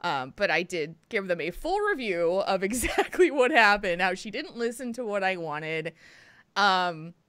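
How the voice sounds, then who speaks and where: A woman's voice: medium pitch, big pitch swings, measured pace, a bit bright, clean tone, no room sound. A woman co-hosting a podcast, telling a story in casual chat, often laughing through it and whispering when she quotes others. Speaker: podcast co-host.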